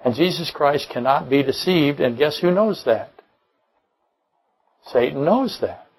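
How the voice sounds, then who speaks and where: Gravelly-voiced man preaching a sermon. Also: on the high side, lively intonation, a little slow, low-quality recording. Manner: emphatic, rhetorical questions, dry jokes. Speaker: pastor. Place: church.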